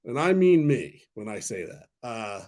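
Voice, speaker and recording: A man's voice: mid-range voice, unhurried. Guy in his 30s doing a rambly stock stream, gets worked up, swears a lot. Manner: rambling and excitable, swears freely. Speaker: stock talk channel host. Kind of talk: casual livestream chat.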